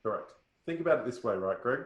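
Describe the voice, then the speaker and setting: A man's voice: medium pitch, lively intonation, fast talker. A man coaching a sales workshop in a punchy way, often checking that listeners follow. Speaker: sales trainer. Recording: roomy echo.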